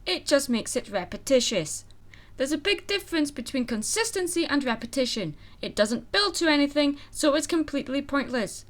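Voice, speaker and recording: A woman's voice: sits high, expressive, normal speed. A young woman hosting a comedic film review, with sarcastic, exasperated asides. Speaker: film reviewer and channel host.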